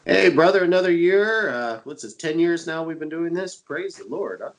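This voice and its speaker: A man's voice: fairly high pitch, animated, moderate pace, poor audio. A man with a stuffy, congested voice from a cold, co-hosting a religious radio show and talking eagerly with many fillers. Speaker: co-host and internet evangelist. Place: Dallas, Texas area.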